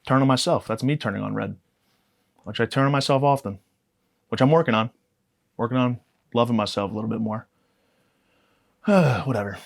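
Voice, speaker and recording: A man's voice: mid-range voice, normal speed, gravelly, pauses often. A man of about thirty telling rambling comic stories on a podcast, swearing often and acting outraged. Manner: profane, rambling, mock-outraged. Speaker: podcast guest. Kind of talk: comedic storytelling rant.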